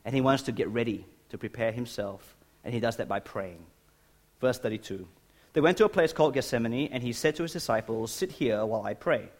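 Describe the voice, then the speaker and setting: Animated male preacher. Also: medium pitch, brisk. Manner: animated and emphatic, addressing listeners directly. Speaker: pastor. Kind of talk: sermon.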